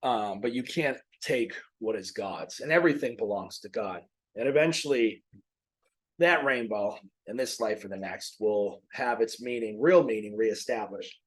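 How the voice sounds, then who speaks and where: A man's voice: fairly low pitch, normal speed, breathy edge, poor audio. A man hosting his own podcast, talking casually and rambling through self-corrections, a little out of breath. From Maine. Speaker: podcast host. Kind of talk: casual faith talk.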